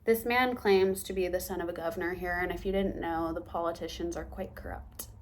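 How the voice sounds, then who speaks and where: A young woman telling a story to her camera in a casual vlog, animated and acting out the lines people said to her, with whispered asides. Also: lowish voice, fairly quick, slight background noise. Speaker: vlogger.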